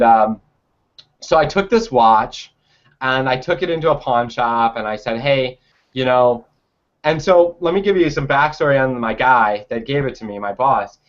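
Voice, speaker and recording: A man's voice: mid-range voice, highs cut off. A young man telling a personal story in a casual, rambling way, full of fillers and restarts.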